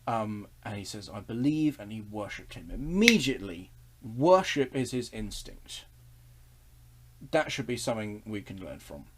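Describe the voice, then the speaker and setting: A man's voice: lowish voice, big pitch swings, a little slow, background noise. Earnest man leading a Bible study. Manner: earnest and enthusiastic, with frequent restarts and chuckles. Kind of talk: casual online Bible study talk.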